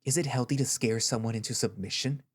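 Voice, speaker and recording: A man voicing a gentle, caring male therapist who speaks in a soft, reassuring, patient way in an audio story reading. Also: medium pitch, fast, husky, close to an everyday voice. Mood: earnest.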